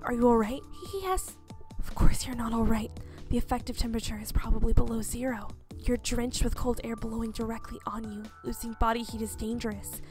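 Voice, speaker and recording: A woman reading a game's gentle, protective young male lead in a breathy, hushed whisper. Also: on the high side, little pitch movement, brisk, music in the background, natural voice. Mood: tender, urgent. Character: gentle protective young man, anxious and tender.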